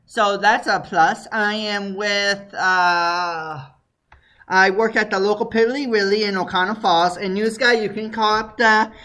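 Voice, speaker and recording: A man calling in as a guest on an internet talk show, exasperated and quick to blow up, then apologetic. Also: high-pitched, sharp tone. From Wisconsin. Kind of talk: casual talk radio chat.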